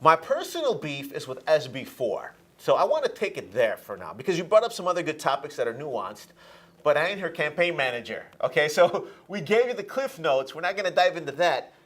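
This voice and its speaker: A male talk show host with a somewhat high voice and a very lively, swinging pitch. He argues political points with animation and laughs between them. His delivery is conversational debate talk. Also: brisk.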